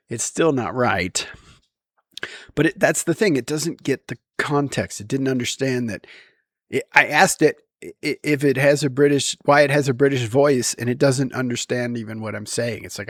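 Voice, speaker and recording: A man's voice: fairly high pitch, moderate pace, no echo. Guy rambling to camera, tons of ums, laughs a bit, dry room. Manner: rambling, lots of ums and restarts; chuckles often while talking. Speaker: vlogger. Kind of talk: casual talk to camera.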